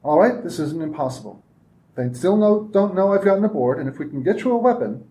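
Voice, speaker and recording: A woman's voice: on the low side, lively intonation, fairly quick, dark tone, voice pushed up, natural voice. A man reading aloud and voicing a determined woman ship captain who speaks curt and urgent.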